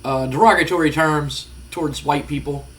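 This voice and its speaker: A man's voice: on the high side, fairly even intonation, normal speed, a bit bright, a little hiss or hum. A man giving rambling, casual let's-play commentary, full of fillers. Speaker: gaming channel host.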